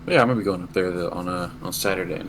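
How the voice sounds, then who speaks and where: Young guy, really low voice, rambling story on a podcast, swears a lot, noisy background. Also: racing, vocal fry. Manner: casual, swears freely, rambling anecdote. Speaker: podcast co-host. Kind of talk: casual storytelling chat. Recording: noticeable background noise.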